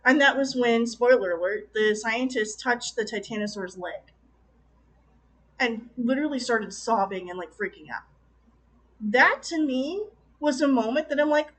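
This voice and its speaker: A woman reviewing a movie in a casual rant, exasperated and animated, acting out her own baffled reactions. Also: on the high side, moderate pace, rough recording.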